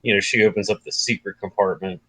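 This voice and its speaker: A man on a casual show discussion panel, hesitant and halting, repeating words while searching for them. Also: fairly low pitch, fairly even intonation, fairly bright tone, breathy edge, dry recording. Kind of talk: casual discussion on a video call.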